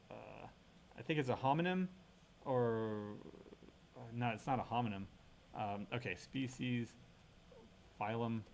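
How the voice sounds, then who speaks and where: A man's voice: medium pitch, slight background noise. A middle-aged man giving a casual university lecture, thinking aloud and checking in with frequent "right?" tag questions. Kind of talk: recorded classroom lecture.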